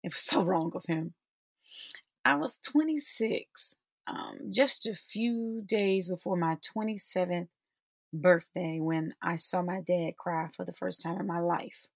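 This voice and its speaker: A woman's voice: fairly low pitch, a little slow, gravelly, no room sound. A woman in her forties telling a personal story as a podcast host, heartfelt and talking straight to her listeners. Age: 40s. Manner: heartfelt, addresses listeners as sisters and y'all.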